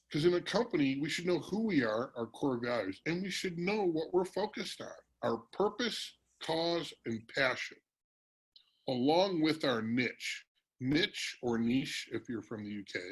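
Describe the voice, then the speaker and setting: A man presenting a business workshop in a virtual meeting, energetic and teasing, calling on audience members by name. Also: mid-range voice, breathy edge, rough recording.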